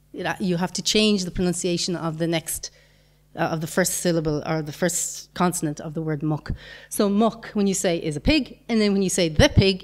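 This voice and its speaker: A woman giving a conference talk, patiently explaining grammar with examples and the odd light chuckle. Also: lowish voice. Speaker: conference speaker.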